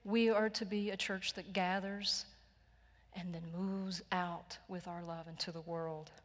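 A Texan woman delivers a sermon in an earnest, gentle storytelling voice, sometimes sinking to a near whisper. Her voice rings through a church hall with a long echo. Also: on the low side, level tone, unhurried. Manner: gentle, earnest storytelling with soft hushed passages. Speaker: pastor. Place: church sanctuary.

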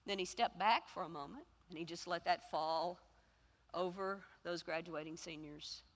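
A woman pastor preaching a sermon, telling a story with pauses and building to loud, emphatic repetitions. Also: fairly low pitch, big-room sound.

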